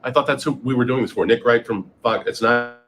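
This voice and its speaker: A man's voice: mid-range voice, fairly quick, a bit bright. A man recording a playful video message, upbeat and then mock-confused. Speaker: TV news reporter.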